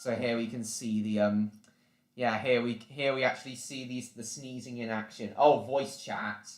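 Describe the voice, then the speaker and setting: Brief: mid-pitched guy hosting a casual stream, chatty and loose, echoey room sound. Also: fairly even intonation, moderate pace, faint music behind. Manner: rambling, chatty, reacts to viewer comments. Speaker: live stream host. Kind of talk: casual live-stream chat.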